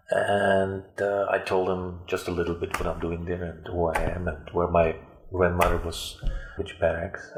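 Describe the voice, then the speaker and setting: Deep, flat-voiced man telling his story. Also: reverberant, slight background noise. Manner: halting, with frequent fillers and restarts. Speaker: interview guest. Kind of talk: personal storytelling.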